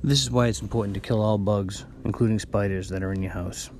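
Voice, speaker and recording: A man's voice: lowish voice, steady tone, fast talker, darkish tone, soft background music. A man hosting a podcast, telling rambling, profane stories in a casual way. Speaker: podcast host. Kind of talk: casual storytelling.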